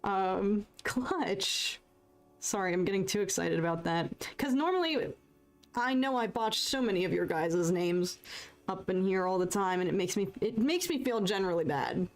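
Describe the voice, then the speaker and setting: A young American woman chatting casually and excitably while painting on a live stream, joking at her own expense and answering viewers. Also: mid-range voice, normal speed, faint music behind. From United States. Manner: chatty, excitable, self-deprecating, reads chat aloud.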